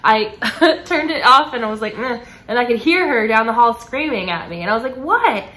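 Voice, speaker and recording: Female co-host, animated storyteller, bright crisp voice. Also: on the high side, fairly quick, poor audio. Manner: animated storyteller, acts out quotes, laughs often. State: has a headache. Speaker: podcast co-host. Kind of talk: casual chat.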